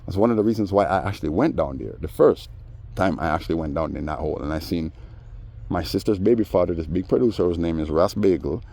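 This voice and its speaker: A man telling a story in a casual rant, animated and mimicking the people he quotes. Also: deep voice, fast, creaky. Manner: animated, mimics others in quoted voices, laughs often. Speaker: vlogger.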